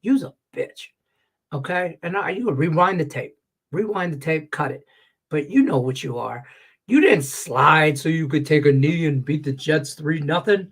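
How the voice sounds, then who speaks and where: Guy ranting about his bets, swearing a lot, stuffy congested voice, kinda high pitched. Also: moderate pace, slightly rough. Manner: profane, ranting, heated and animated. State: congested sinuses. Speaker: sports betting handicapper. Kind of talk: casual sports betting talk show rant. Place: Las Vegas.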